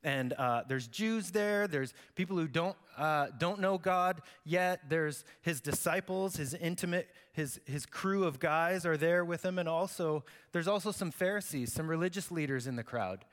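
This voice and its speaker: A man's voice: a little high, normal speed, few pauses, fairly bright tone. A man preaching a sermon as pastor, conversational and joking, acting out the quotes he reads. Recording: long hall reverb.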